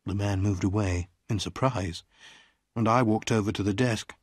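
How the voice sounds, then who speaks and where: A man reading a graded short story aloud as an audiobook narrator, in a slow, deliberate way. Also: husky, dry recording, studio quality. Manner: slow, deliberate reading with wide swings in pitch.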